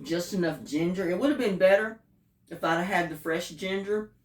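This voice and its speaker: A woman's voice: lowish voice, normal speed, husky, no room sound. A woman chatting casually in a home cooking and gardening vlog, savoring her food with little murmurs.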